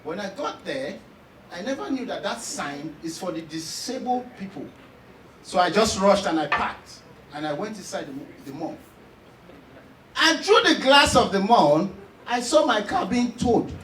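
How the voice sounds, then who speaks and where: Nigerian male stand-up comic, very high pitched, loud and animated, recorded from a distance in a roomy space. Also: a little slow, slight background noise. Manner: animated, loud storytelling with laughs and shouts. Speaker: stand-up comedian. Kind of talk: stand-up comedy.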